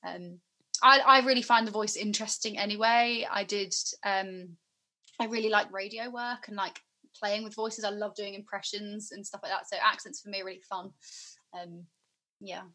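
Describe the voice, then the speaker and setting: Brief: young woman, bright tone, rambling chatty guest. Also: medium pitch, fairly even intonation, moderate pace. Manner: chatty, rambling, many fillers. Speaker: guest musician and actor. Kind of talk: casual interview chat.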